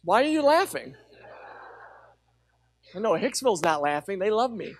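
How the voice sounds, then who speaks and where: A middle-aged man preaching a sermon as pastor, telling a personal story with lively energy and urging the congregation to call out. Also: high-pitched, unhurried. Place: church sanctuary with a congregation.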